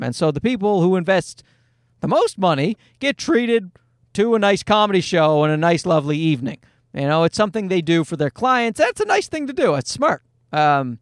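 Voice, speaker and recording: A middle-aged male comedian with a high, light voice rambles through a casual story, cursing freely and poking fun at himself. The sound is close and dry, with no room around it. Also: no room sound. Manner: rambling, self-deprecating, swears freely. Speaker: comedian and podcast host.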